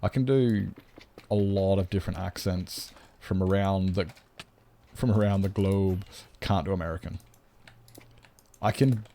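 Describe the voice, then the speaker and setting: A man's voice: sits low, gravelly, a little mellow, a little hiss or hum. A man with an Australian accent chatting casually on a game live stream, rambling and joking and swearing freely.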